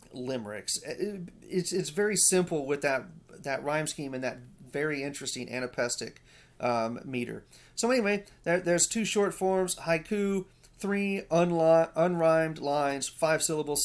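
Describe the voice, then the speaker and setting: Male lecturer, gravelly mid voice, halting explanatory delivery. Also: mid-range voice. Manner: many fillers and restarts, explaining step by step. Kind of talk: recorded lecture.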